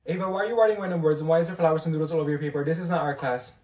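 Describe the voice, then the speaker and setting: A stern female teacher scolds her class in an exasperated tone, played by a man in a comedy sketch. The voice sits high for a man. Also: fairly even intonation, racing, a little mellow, roomy sound, recorded from a distance, lightly acted.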